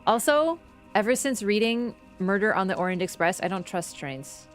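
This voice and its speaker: A woman streaming a game, chatting casually with her viewers, teasing and jumping between excited bursts and low mutters. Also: normal speed, soft background music. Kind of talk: casual gameplay commentary.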